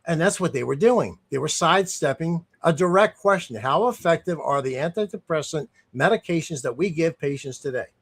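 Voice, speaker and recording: A man's voice: a little high, lively intonation, a little fast, hardly any pauses, husky. A man giving casual, indignant commentary as a streamer, rambling and restarting often.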